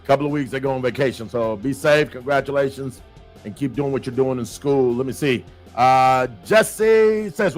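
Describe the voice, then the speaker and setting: Male livestream host, upbeat, runs viewer shout-outs, bilingual asides, faint music bed. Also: mid-range voice, normal speed. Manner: lively, shout-outs to viewers, mixes in Spanish phrases. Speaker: show host. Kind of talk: casual livestream chat.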